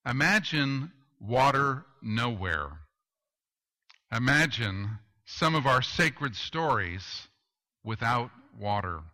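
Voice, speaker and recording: A male pastor preaching a sermon, telling stories with deadpan humor and asking rhetorical questions. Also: medium pitch, rough recording.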